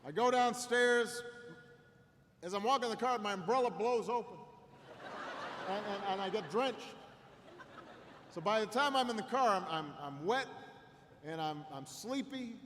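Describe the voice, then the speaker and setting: A man's voice: high voice, lively intonation. Middle-aged man giving a rousing speech. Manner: halting repetitions, slow build to shouted climax. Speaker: political candidate speaking at a rally. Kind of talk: storytelling campaign speech. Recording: long reverb in a large hall, faint noise.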